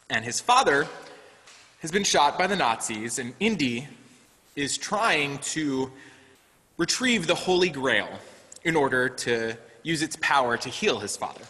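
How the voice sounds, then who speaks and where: A man delivers a sermon at an unhurried, measured pace, and his tone is bright and forward. He tells a story in an earnest, deliberate way, pausing often. His voice rings out with a long reverb, as if he is in a large hall. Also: medium pitch. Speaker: director of lifespan faith development.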